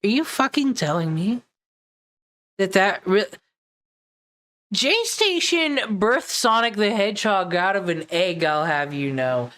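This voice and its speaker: A woman's voice: medium pitch, very animated, slow, pauses often, a bit bright. A woman hosting a reaction commentary, making sarcastic, dry asides. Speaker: commentary host.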